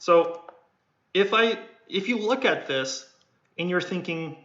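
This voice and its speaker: A man's voice: fairly high pitch, moderate pace, bright, forceful tone. A man coaching on sales in a casual livestream, rambling and repeating words while he acts out tones of voice, with keyboard typing behind him. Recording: echoey room, dull lo-fi sound.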